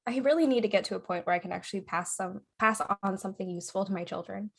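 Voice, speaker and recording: A woman's voice: mid-range voice, fast, creaky. A young adult woman co-hosting a podcast in casual chat, laughing often and tagging her points with "right?" and "okay?". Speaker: podcast co-host.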